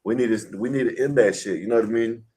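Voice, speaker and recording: A man's voice: mid-range voice, fast, darkish tone, low-quality recording. A man on a live panel, talking bluntly and heatedly, full of rhetorical questions. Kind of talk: casual live panel chat.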